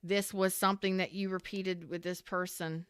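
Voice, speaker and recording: A woman's voice: lowish voice, level tone, normal speed, smooth, no room sound. A woman giving a casual tarot reading to viewers, dramatic and profane, calling them y'all. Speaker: tarot reader.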